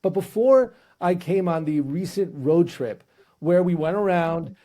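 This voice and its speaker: High, mellow-voiced male podcast host. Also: measured pace. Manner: storytelling, humorous, with restarts. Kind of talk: casual interview chat.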